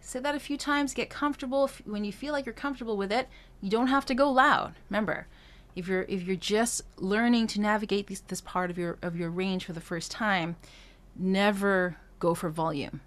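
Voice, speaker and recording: A woman's voice: mid-range voice, moderate pace. A woman vocal coach teaching a singing lesson, explaining technique between short demonstrations, with frequent fillers and restarts. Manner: explains technique, then sings short phrases and vocal drills.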